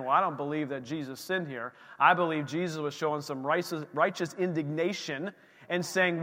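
A man preaching a sermon as pastor of a church, animated, with rhetorical questions and exclamations. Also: fairly high pitch, a little fast. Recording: reverberant church hall.

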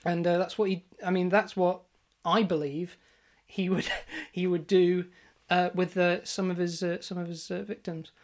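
A woman co-hosting a comedy podcast, deadpan and mock-serious, with hesitant fillers as she argues a far-fetched theory. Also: on the low side, moderate pace. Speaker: podcast co-host.

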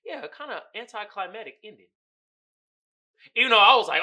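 A man's voice: sits high, big pitch swings, moderate pace, sharp tone. A man hosting a podcast, recapping a movie in a casual, profane, storytelling way with frequent laughter. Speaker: podcast host.

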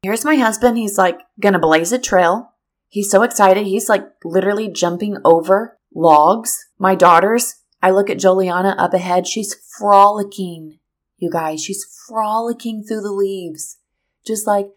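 A middle-aged woman telling a personal story to teachers, animated and speaking straight to her listeners. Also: mid-range voice, unhurried. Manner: animated, addresses listeners directly.

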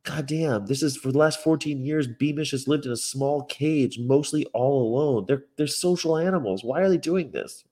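A man from the North of England talks casually in a mid-range voice, reading articles aloud and reacting with swearing and disbelief. He swings from loud outbursts to low muttering, speaking from a rented room indoors. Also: normal speed, few pauses. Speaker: vegan activist vlogger. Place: indoor rental apartment room with a window view.

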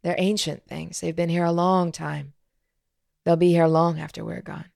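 A woman's voice: lowish voice, flat delivery, moderate pace, vocal fry, a little mellow, no room sound, clean studio sound. A woman voicing a talkative, sly little old man who laughs to himself as he rambles.

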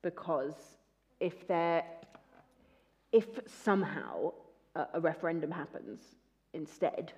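Woman, very low voice, warm dark tone, measured political commentator. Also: expressive, muffled recording. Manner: measured, thinking aloud. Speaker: political commentator, former party staffer. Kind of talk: casual political chat.

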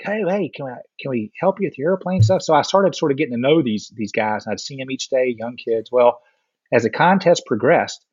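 A man's voice: medium pitch, dry recording, lo-fi sound. A man in casual chat, animatedly telling a story and acting out what others said. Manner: animated storyteller, acts out quotes.

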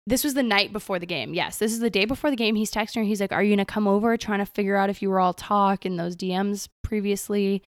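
A woman's voice: mid-range voice, fast, few pauses, no room sound, clean studio sound. A young woman co-hosting a casual podcast, retelling a story with lots of quoted back-and-forth. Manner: animated storytelling, quoting people with "he's like". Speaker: podcast co-host.

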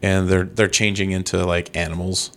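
A man's voice: sits low, level tone, normal speed. A man co-hosting a podcast, chatting casually and matter-of-factly about movies. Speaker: podcast co-host. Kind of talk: casual chat.

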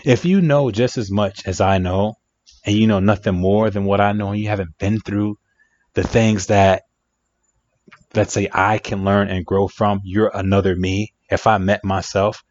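Low-voiced guy w talking relationships, repeats stuff for emphasis, dull dry recording. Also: steady tone, moderate pace, darkish tone, no room sound. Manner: emphatic, repeats phrases for effect. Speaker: relationship advice speaker. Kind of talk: reflective monologue.

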